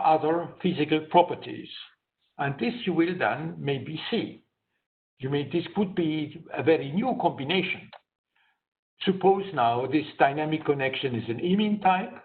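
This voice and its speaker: Man lecturing over a tinny line. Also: on the high side. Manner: explanatory, walks through slides step by step. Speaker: guest lecturer. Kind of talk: academic science lecture. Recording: tinny phone-like online lecture audio.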